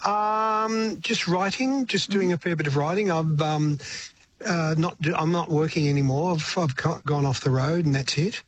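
A man's voice: a little high, moderate pace, a little hiss or hum. An older Australian man, a retired singer-songwriter, talking reflectively in a radio interview and often stumbling over his words.

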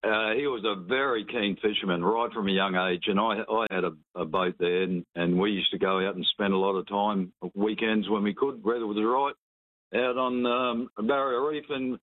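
A man calling in to a radio show, talking in a relaxed, rambling way with fillers. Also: lowish voice, normal speed, no room sound. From New Zealand. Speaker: caller. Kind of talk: casual call-in chat. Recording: tinny phone line.

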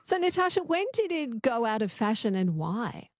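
A woman's voice: fairly high pitch, very animated, normal speed, no echo. A woman hosting a radio talk show, chatty as she reads listener messages and asks questions. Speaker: radio host. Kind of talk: radio interview. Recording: dry studio sound.

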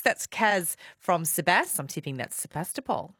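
Upbeat Australian woman fronting a talk show; chatty, bright delivery on a dry studio mic. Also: medium pitch, sing-song, moderate pace, few pauses, no room sound. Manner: bubbly, chatty, reads listener texts aloud. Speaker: radio host. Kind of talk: live radio talk show. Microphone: studio microphone.

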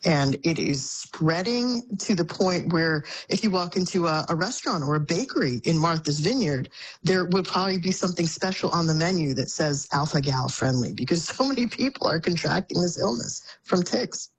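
Woman, low voice, guest commentator, chatty explanation, lots of restarts. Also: expressive, moderate pace, slight background noise, low-quality recording. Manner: thoughtful, many restarts and fillers. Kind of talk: conversational explaining. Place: Boston area.

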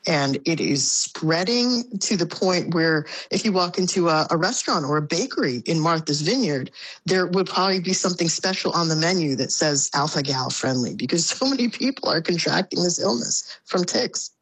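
A woman's voice: lowish voice, lively intonation, moderate pace, husky, dry recording. A woman speaking as a guest in a casual conversation, thoughtful, with many restarts and fillers. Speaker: guest commentator on Boston. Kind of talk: casual radio-style conversation. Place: Boston area.

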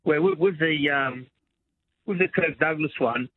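A man's voice: fairly high pitch, measured pace, a little hiss or hum. Man calling in over a tinny phone line. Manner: hesitant, repeats himself. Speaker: caller. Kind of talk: casual phone-in chat. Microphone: telephone.

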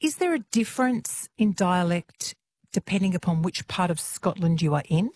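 A woman's voice: fairly low pitch, expressive, normal speed, a little mellow. A woman hosting a talk radio show, chatty and playfully teasing. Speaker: radio host.

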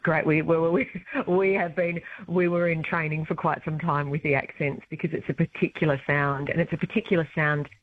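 Her voice is deep and her delivery flat, yet she moves briskly with few pauses. In a casual interview over a tinny phone line, this stage actress talks eagerly and warmly about her play.

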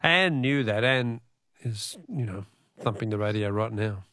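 A man's voice: on the low side, expressive, unhurried, a bit bright, no echo. Male radio host, casual, reads texts and quizzes callers; dry studio sound. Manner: chatty, reads out listener texts. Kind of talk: late-night radio call-in quiz. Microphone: studio mic.

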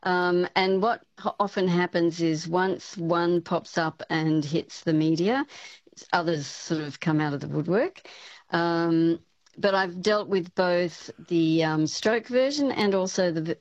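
A woman who is a speech pathology professor, answering questions in a radio interview in a measured, explanatory way with frequent fillers. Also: fairly low pitch, no room sound, lo-fi sound.

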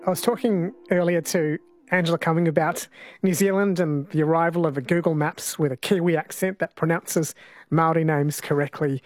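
A man hosting a radio talk show, chatting in a relaxed, thinking-aloud way. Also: a little high, dry recording, clean studio sound. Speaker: radio host.

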